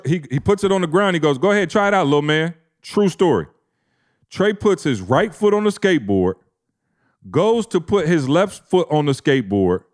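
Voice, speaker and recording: Animated slangy man telling a story. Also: sits high. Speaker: podcast co-host. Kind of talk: casual storytelling.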